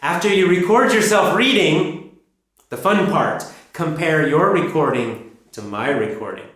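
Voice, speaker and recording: Male English teacher, emphatic coaching delivery, slightly high, heavy room echo. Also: measured pace. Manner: energetic, emphatic, repetitive coaching. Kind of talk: instructional explanation. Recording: very echoey room.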